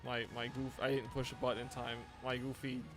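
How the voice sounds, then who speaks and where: A man's voice: medium pitch, monotone, fairly quick, over music. A tired man streaming a game live, chatting loosely with viewers and often restarting his sentences. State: tired, yawning. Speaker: gaming streamer. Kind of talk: casual live-stream chat.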